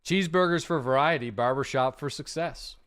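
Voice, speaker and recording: With a slightly high voice and a brisk pace, a man runs a live game stream, bantering with viewers and thanking subscribers individually. He stays relaxed and talkative, dropping fillers and asides to chat throughout.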